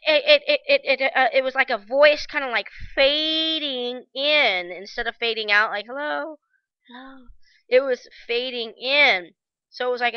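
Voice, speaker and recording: A woman vlogger recounting a personal story in a halting, reflective way, with frequent restarts and fillers. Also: a little high, clear, resonant tone, no room sound, lo-fi sound.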